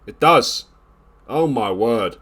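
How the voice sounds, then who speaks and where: Guy narrating his football manager game, groans at bad defending, gets loud and excited on goals. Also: mid-range voice, takes it slowly. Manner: exasperated groans, then rising excitement during the comeback. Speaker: gaming video host. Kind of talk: live commentary over a football management game.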